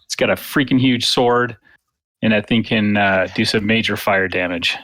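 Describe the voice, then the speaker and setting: A man's voice: lowish voice, normal speed, fairly bright tone, no room sound. A man talking casually as a player in a tabletop game, matter-of-fact and plain.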